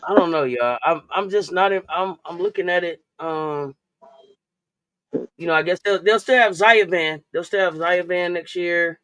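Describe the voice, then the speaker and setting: A man's voice: high-pitched, normal speed, pushed and bright, clear, resonant tone, no room sound. A man co-hosting a casual sports talk show, loose and chatty, often repeating himself. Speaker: co-host.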